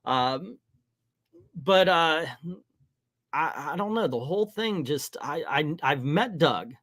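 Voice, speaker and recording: A man's voice: on the high side, expressive, slow, a bit bright, no room sound, studio quality. Rambling middle-aged man hosting a livestream. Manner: rambling, frank, hesitant. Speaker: livestream host. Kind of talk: casual livestream commentary. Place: in front of a green screen.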